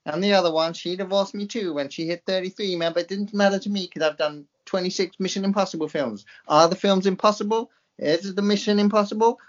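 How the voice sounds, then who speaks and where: Smug American movie star, boastful and drawling, high voice, dull audio as a comic podcaster puts him on. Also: male voice, fast talker, hardly any pauses, close to an everyday voice.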